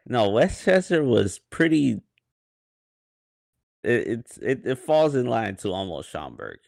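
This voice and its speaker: A man co-hosting a casual chat, interrupting and teasing with quick banter. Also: medium pitch, sing-song, vocal fry, darkish tone, no room sound, clean studio sound. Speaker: podcast co-host.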